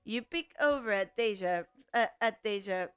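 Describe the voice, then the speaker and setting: A woman's voice: mid-range voice, animated, normal speed, fairly bright tone, smooth, no echo, soft background music. A woman streaming a visual novel, reading its narration aloud and often stumbling and restarting over the words. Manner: reads with frequent stumbles and restarts. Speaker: let's play streamer.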